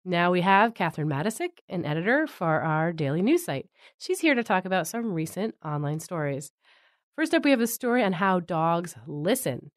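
A woman's voice: fairly low pitch, big pitch swings, normal speed, dry recording, studio quality. A woman hosting a science news podcast, asking curious questions in a conversational way. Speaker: podcast host.

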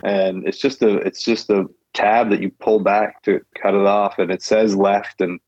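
A man's voice: lowish voice, little pitch movement, normal speed, darkish tone, no room sound, muffled recording. A man, a guest pilot, telling his story in a loose, casual way, repeating phrases and laughing now and then.

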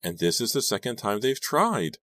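A man's voice: on the low side, very animated, normal speed, fairly bright tone, no echo, voice pushed up. A man voicing a shaken teenage girl singer, tearful and testy.

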